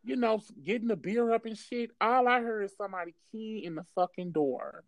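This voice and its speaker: A woman's voice: on the high side, brisk, dry recording. A woman tells a wild personal story to a friend in loose, casual chat. She swears constantly and keeps breaking into laughter. The recording is dry and close, with no room sound. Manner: profane, animated, laughs often.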